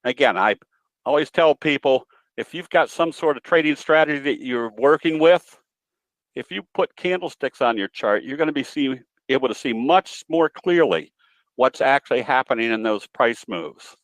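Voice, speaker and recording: A guest presenter and trading educator gives a webinar in a folksy, storytelling style with some hesitations. His mid-range voice is animated and moderately paced, with no echo but a rough recording.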